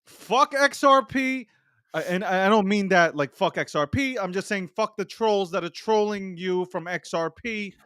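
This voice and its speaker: Excitable high-voiced man, dry sound. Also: moderate pace, clean tone, no room sound. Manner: excitable, profane, blunt. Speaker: podcast host. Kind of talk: casual chat.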